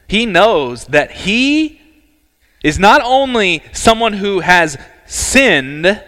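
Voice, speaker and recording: A man preaching a sermon as pastor, earnest and emphatic, with dramatic pauses. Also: high voice, sing-song, pushed and bright. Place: church sanctuary. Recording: church hall reverb.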